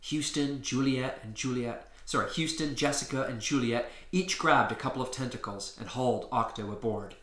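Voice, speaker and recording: A man reading his own story aloud in a lively storybook narration. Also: medium pitch, normal speed, hardly any pauses, reverberant. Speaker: author reading his book.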